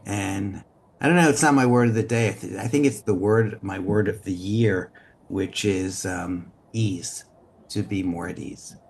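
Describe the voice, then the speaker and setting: Hesitant low-voiced man, video call. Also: fairly even intonation, measured pace, darkish tone, slight background noise. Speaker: organization founder. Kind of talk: casual video call chat.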